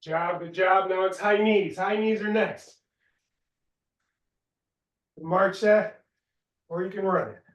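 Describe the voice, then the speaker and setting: A man's voice: high voice, steady tone, takes it slowly, long pauses, distant mic. A man leading a workout class as fitness instructor, giving short cues and counting reps aloud, at times out of breath. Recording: roomy echo.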